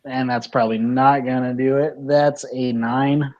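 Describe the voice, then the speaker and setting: A man's voice: mid-range voice, flat delivery, measured pace, dull audio, background noise. A man playing a tabletop game, eager and joking as he describes his character's moves. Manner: eager, playful, jokes and laughs while describing actions. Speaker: player.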